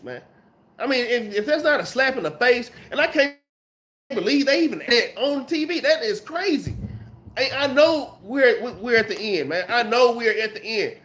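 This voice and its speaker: A man's voice: sits high, fairly bright tone. A man teaching a casual scripture lesson, emphatic and peppered with slang, still getting over a cold. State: recovering from a cold, coughing. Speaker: Bible class teacher.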